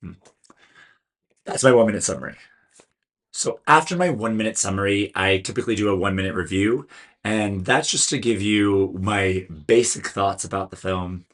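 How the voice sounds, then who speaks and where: A Californian American man reviews a film on his own in a casual, chatty, earnest video, stumbling over names at times. He talks at a moderate pace with a fairly low pitch and a fairly bright tone.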